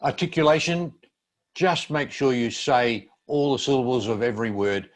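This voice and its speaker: An older man teaching a student seminar, explaining speaking skills in a measured, instructive way. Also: medium pitch. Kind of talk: seminar presentation.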